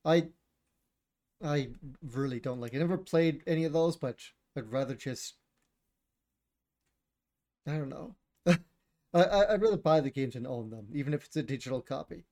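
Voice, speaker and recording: A man's voice: a little high, animated, moderate pace, pauses often, a little mellow. A man co-hosting a casual chat about video games, blunt and opinionated, swearing and laughing often.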